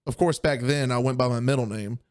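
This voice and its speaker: A man's voice: medium pitch, fairly even intonation, brisk. A young man co-hosting a podcast, telling a story in casual chat and acting out the people he quotes. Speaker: podcast co-host.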